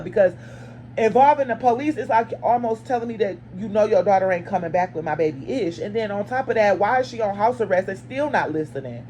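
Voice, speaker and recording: A woman, a mother, telling a personal story to her viewers in casual chat. She is blunt and lively, and she acts out each side of the dialogue with sudden jumps in pitch. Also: fairly quick, slight background noise. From lives in Arizona. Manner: blunt and chatty, talks straight to viewers.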